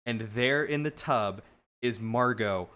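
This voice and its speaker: A man streamer telling a long story casually to his live chat, animated and rambling with frequent restarts. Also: mid-range voice, slow, clear, resonant tone.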